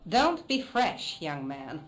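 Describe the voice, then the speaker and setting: A woman's voice: low-pitched, sing-song, takes it slowly, slight background noise, heavily acted, poor audio. An actress voicing a chatty, prim hospital staff woman in a video game, gossipy and scolding. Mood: brisk.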